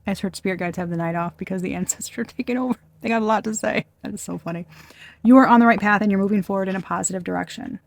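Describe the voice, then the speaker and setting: A woman's voice: mid-range voice, racing, vocal fry. A woman giving a casual, channeled tarot reading, blunt and profane, often breaking off mid-sentence and laughing. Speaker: tarot reader.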